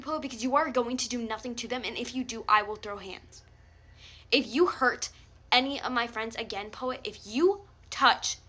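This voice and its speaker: A young vlogger confronts someone in an angry, swear-filled rant straight to camera. Her voice runs on the high side, bright and forceful.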